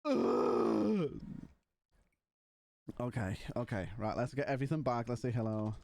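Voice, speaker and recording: A man's voice: mid-range voice, big pitch swings, a little slow, gravelly, a little mellow, no room sound. A young man streaming live and chatting casually with his viewers, rambling and joking with some swearing.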